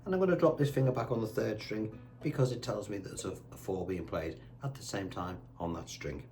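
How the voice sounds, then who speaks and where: A man teaching guitar with a chatty, patient manner, counting the beats out loud slowly while he plays. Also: lowish voice. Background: guitar playing.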